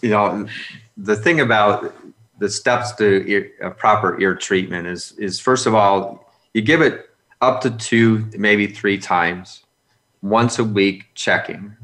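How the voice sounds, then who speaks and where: A man with a fairly low voice speaks as a veterinarian in a relaxed podcast conversation. He explains clinical steps in a measured, methodical way. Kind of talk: casual podcast chat.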